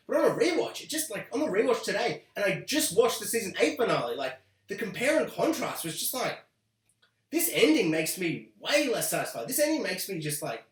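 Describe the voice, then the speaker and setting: A young man hosting a ranting video review, sarcastic and animated. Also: high voice. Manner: sarcastic, animated, mocking quoted voices. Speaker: host. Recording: echoey room.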